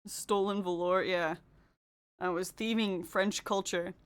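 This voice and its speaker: A woman's voice: on the low side, steady tone, slow pace, clear, resonant tone. A woman streaming casually while doing her makeup, chatting, laughing often and answering her chat. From Canada. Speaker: livestreamer.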